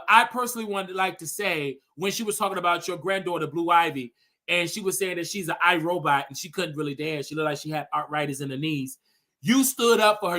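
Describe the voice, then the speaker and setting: A man in his thirties with a high, piercingly bright voice delivers a scolding commentary rant. He is sassy and dramatic, swinging from loud jabs to mock-polite asides. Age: 30s. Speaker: show host. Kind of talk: ranting commentary.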